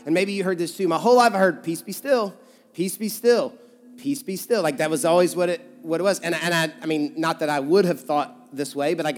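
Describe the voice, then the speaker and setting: A male pastor with a Kentucky accent preaching a conversational sermon, swinging between emphatic loud stretches and hushed ones. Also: fairly high pitch. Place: church sanctuary. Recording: church hall reverb with soft music.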